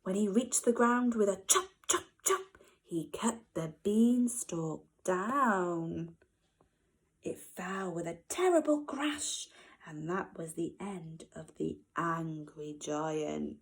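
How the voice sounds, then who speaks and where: A woman, a nursery teacher, reading a storybook to young children expressively, with gasps and hushed whispers. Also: on the low side, takes it slowly, poor audio.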